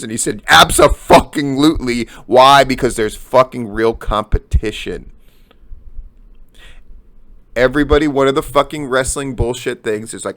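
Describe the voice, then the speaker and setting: A middle-aged man, hosting a news and commentary show and ranting with heavy swearing. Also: medium pitch. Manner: heavy swearing, emphatic and animated.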